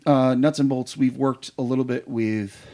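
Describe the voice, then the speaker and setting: A man's voice: mid-range voice, unhurried, gravelly, darkish tone. A man chatting casually on a podcast as a guest improv performer, telling eager, rambling stories full of fillers.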